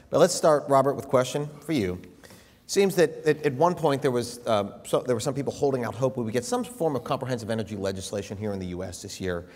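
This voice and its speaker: Brisk male moderator in a reverberant hall. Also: medium pitch, a little mellow. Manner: brisk, businesslike questioning. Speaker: debate moderator. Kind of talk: moderating a conference panel. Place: conference hall. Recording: long hall reverb from a conference stage.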